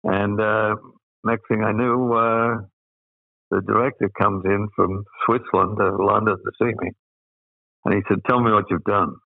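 A man's voice: fairly low pitch, steady tone, unhurried, vocal fry, no room sound, narrow, tinny audio. An older Australian man telling rambling anecdotes as an interview guest, full of fillers. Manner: rambling, with many uh fillers and laughs. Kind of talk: anecdotal storytelling.

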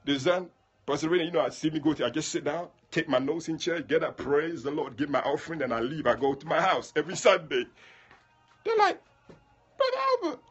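A man's voice: on the high side, quick pace, slightly rough, highs cut off, faint music behind. A man leading a prayer livestream, chatting casually and addressing viewers by name.

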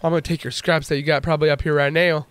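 Let's-play host, man, slightly high voice, excitable and jokey, dry close sound. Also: rapid-fire, smooth, no echo. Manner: excitable, jokey, exclaims and laughs often. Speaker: gaming channel host.

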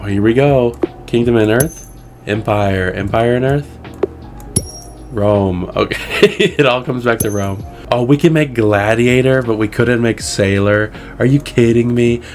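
A man giving casual gameplay commentary as a streamer, excitable, laughing and swearing at his own failures, with faint music behind him. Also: mid-range voice. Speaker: gaming streamer.

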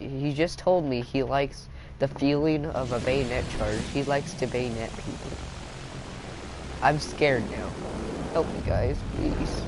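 A man's voice: medium pitch, background noise. A young man giving casual, joking gameplay commentary as a gaming YouTuber, rambling and mocking himself. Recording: loud game sounds behind voice.

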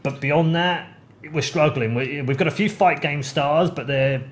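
A man in casual podcast chat, telling stories with lively swings of pitch when he gets excited. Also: normal speed. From United Kingdom. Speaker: podcast host.

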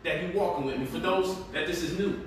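Teaching stock investing from his home, a man livestreams in a relaxed, jokey, slang-filled style. His voice sits high and he talks fast, while the echoey indoor room, distant mic and slight hiss or hum color the sound.

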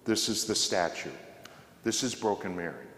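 A man's voice: on the low side, moderate pace, a bit bright. Man telling a story in an echoey church hall. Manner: conversational, humorous, acts out the voices in his story. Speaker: guest speaker, former radio host. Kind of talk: storytelling talk to a church audience. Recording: echoey hall with long reverb.

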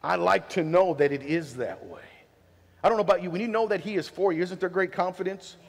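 High-voiced pastor in a reverberant church. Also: male voice, fairly quick, gravelly. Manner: lively, preachy delivery with repeated rhetorical questions to the congregation. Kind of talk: sermon. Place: church sanctuary. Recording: long hall reverb in a church.

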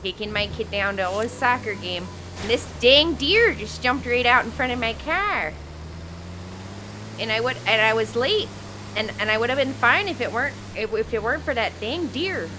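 A woman's voice: a little high, animated, moderate pace, background noise, lightly acted. A woman putting on a folksy parent. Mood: grumbling.

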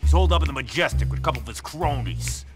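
A man's voice: medium pitch, expressive, very fast, husky, soft background music. An actor voicing an angry, paranoid middle-aged mobster in a video game, snarling and swearing as he blames others. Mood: bitter. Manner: snarling, profane, blaming.

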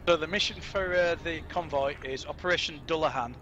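A man's voice: fairly high pitch, brisk, pushed and bright, dull audio, slight background noise. A man playing along with friends, chatting helpfully and correcting himself. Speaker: fellow player. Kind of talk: casual game chat.

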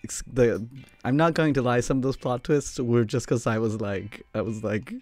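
A male host chatting loosely and rambling, often tripping over words and starting sentences again. His voice sits at a middle pitch. Faint music plays underneath. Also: steady tone, normal speed, a little mellow, dry recording. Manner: rambling, stumbles and restarts often. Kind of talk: casual chat.

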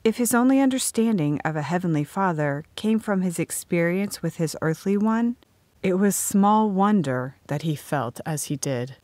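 A woman narrating a first-person audiobook in a measured storytelling manner. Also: fairly low pitch, a little mellow, dry recording.

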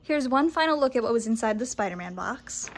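A woman unboxing dog toys and treats at home in a casual vlog, gently coaxing her dogs between descriptions of each item. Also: a little high, animated, brisk, creaky. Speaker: dog owner reviewing a subscription box. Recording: noisy home recording.

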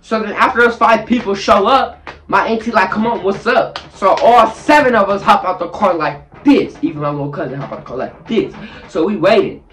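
Man, storytime vlogger, higher-pitched voice, lively delivery full of sound effects, recorded in a bathroom. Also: brisk. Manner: acts out scenes with sound effects and shifting voices. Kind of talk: animated storytelling. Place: bathroom, sitting on the toilet.

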